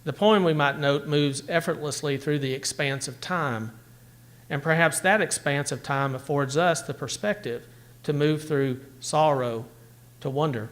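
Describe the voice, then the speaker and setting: Slow, measured man analyzing poetry. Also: on the high side, a bit bright. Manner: measured, deliberate, lecturing. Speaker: speaker at a poetry event. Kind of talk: analytical talk on poems, with read-aloud poems.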